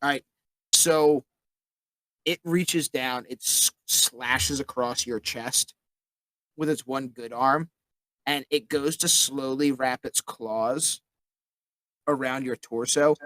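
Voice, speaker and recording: A man's voice: mid-range voice, slow pace, long pauses, a bit bright, no echo, rough recording. Casual man running a game. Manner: casual narration full of filler words. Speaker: game master. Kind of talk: narrating a tabletop game.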